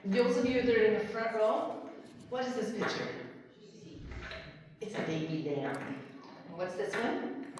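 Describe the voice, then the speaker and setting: A woman's voice: fairly high pitch, animated, unhurried, pauses often, a little mellow. A woman presenting a singing time workshop, coaching a group of adults through a song with clapping moves, counting down and singing along. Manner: upbeat, coaxing, counts down and sings along. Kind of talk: leading a live group song and movement workshop. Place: large hall with a group of adults. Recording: echoey hall, distant mic, crowd.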